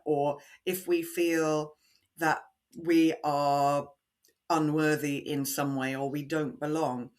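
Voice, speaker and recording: A woman voice coach in a podcast interview, explaining techniques in a deliberately resonant, measured way and guiding listeners through breathing exercises. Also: low voice, level tone, a little mellow.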